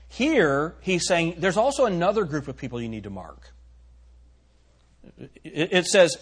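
Husky, animated preacher man. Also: a little high. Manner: animated preaching with rhetorical questions to the congregation. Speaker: pastor. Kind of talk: sermon.

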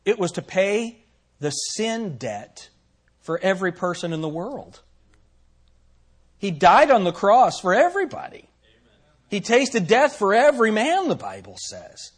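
A man's voice: high-pitched, huge pitch swings, unhurried, pauses often, husky. A man preaching a sermon to his congregation, asking rhetorical questions and stressing his points. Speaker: pastor.

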